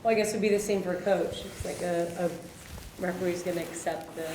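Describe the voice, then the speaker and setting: A woman's voice: fairly low pitch, steady tone, a little fast. A woman, a coach in the audience, adding a thoughtful comment to the discussion. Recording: echoey room with faint background noise.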